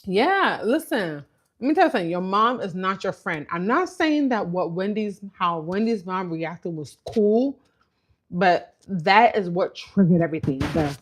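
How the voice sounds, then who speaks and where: A woman's voice: medium pitch, unhurried. A woman talking casually as host of a reality TV recap, telling the story with animation and acting out what people said. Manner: animated storytelling, mimicking quotes. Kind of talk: casual commentary.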